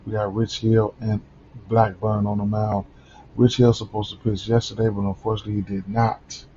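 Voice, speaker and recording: A sleepy man talks through his betting picks in a very dark, mellow low voice, circling back with lots of fillers and restarts. The recording is slightly dull and lo-fi, with a faint hiss behind him. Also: level tone, normal speed. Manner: rambling, many fillers and restarts. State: sleepy, yawning early in the morning. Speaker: sports betting host. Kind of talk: casual betting picks rundown.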